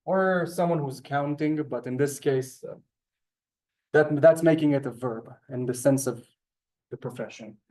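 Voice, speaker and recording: A man's voice: a little high, warm tone. Patient man teaching a class. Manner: patient, step-by-step explaining, often checking in with the class. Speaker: Hebrew teacher. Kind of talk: classroom lesson.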